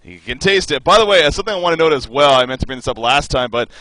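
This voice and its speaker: A man's voice: on the high side, lively intonation, rapid-fire, sharp tone, rough recording. A man co-casting an esports match over a voice call, chatting enthusiastically and restarting his phrases as he goes. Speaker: esports co-caster. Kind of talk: esports color commentary.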